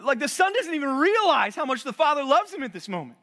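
A high-pitched man delivers a fervent sermon as a pastor. He swells with intensity, then drops low and quiet for emphasis, repeating phrases as he presses his point. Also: very animated, quick pace. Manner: earnest preaching, voice swelling and dropping low for emphasis; repeats and restarts words while building intensity.

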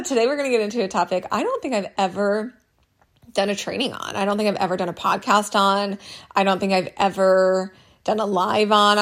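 A woman in her thirties hosting a solo business podcast, chatty and candid, her voice a little hoarse from allergies. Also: mid-range voice. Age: 30s. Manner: candid, chatty, many likes and ums. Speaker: podcast host.

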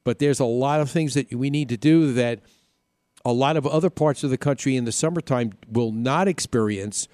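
A man's voice: mid-range voice, moderate pace, darkish tone, no echo, studio quality. A man with a New York accent hosting a live weekend radio show, upbeat and jokey, chatting loosely with restarts. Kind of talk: casual radio chat.

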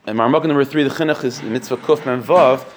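Guy teaching a text lesson, talks fast, reads a line then explains it over and over. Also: mid-range voice, a little hiss or hum. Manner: quick, explanatory, repeats phrases, reads Hebrew sources aloud and translates. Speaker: Talmud teacher. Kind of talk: text-based shiur lesson.

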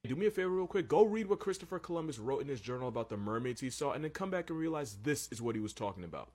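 A man's voice: medium pitch, very animated, racing, darkish tone. A man doing a comic voice-over on a video clip, mock-indignant. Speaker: video commentator.

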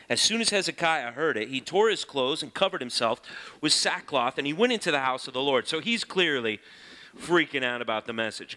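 Animated man teaching from the Bible. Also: medium pitch. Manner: animated, conversational, reads scripture aloud.

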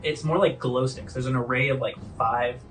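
A man's voice: medium pitch, fairly even intonation, moderate pace, fairly bright tone. A man narrating as game master in a casual, descriptive way with frequent fillers. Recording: distant mic with faint music.

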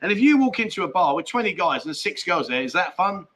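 A man's voice: high-pitched, sing-song, fast, a bit bright. A man hosting a casual live stream, chatting and bantering with viewers and his co-host. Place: indoors at family home.

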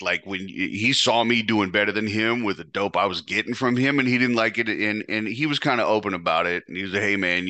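A man's voice: on the low side, bright, forceful tone, no room sound. A man hosting a podcast, telling his own story in a blunt, profane way, often restarting with repeated words. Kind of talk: casual storytelling monologue.

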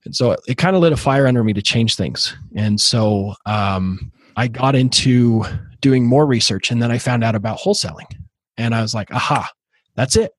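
Husky man telling his story. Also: mid-range voice, no room sound. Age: 30s. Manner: halting, many fillers and restarts. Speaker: podcast guest. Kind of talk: casual interview storytelling.

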